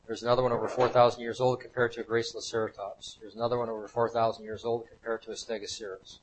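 A man's voice: mid-range voice, level tone, fast talker, slightly rough, low-quality recording. Man, lecturer, slide talk to an audience, emphatic, repeats himself, mid-range voice. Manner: emphatic, repeats points over and over.

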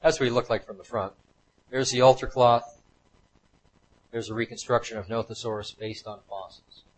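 A man's voice: medium pitch, fairly even intonation, moderate pace, low-quality recording. A man giving a slide lecture to a live audience, talking emphatically and repeating his points over and over.

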